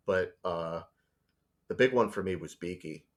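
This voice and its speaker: A man speaking as a storyboard artist guest in a casual interview, telling stories in an animated way and acting out voices. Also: low-pitched, measured pace.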